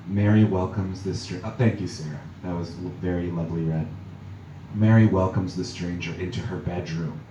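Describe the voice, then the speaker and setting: Deep-voiced pastor preaching in an echoey church. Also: male voice, fairly even intonation, normal speed, warm tone, dull audio, a little hiss or hum. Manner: reflective, musing, with small restarts. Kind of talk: sermon. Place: church sanctuary. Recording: echoey hall from far off.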